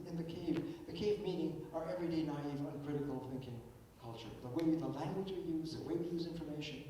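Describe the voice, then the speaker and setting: Older male keynote speaker, higher-pitched voice, emphatic lecture style, recorded from afar in a big echoing hall with a faint rumble. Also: mellow. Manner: emphatic, repeats words when restarting. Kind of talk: philosophical lecture. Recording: echoey hall, distant mic, faint rumble.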